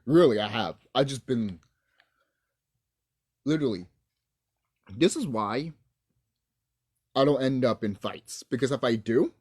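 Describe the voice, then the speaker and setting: Speaking a little slowly with frequent pauses, this man has a medium-pitched, animated voice with a breathy edge. He's a YouTuber delivering a profane, angry rant in a casual vlog, talking at home into his camera's microphone.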